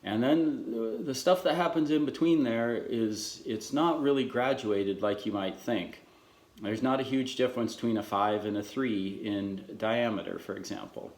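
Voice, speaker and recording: A middle-aged man giving a casual demonstration lesson as a trumpet mouthpiece maker, explaining in an unhurried way with frequent restarts. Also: mid-range voice, darkish tone. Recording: echoey room.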